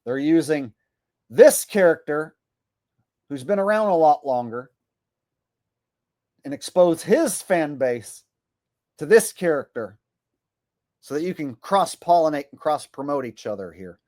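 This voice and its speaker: A man with a slightly high voice rants bluntly and sarcastically, swearing often. The recording is dry and close, with no room sound. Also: lively intonation, unhurried, long pauses, a little mellow, dry recording. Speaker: comedian commentator. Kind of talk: profane rant to camera.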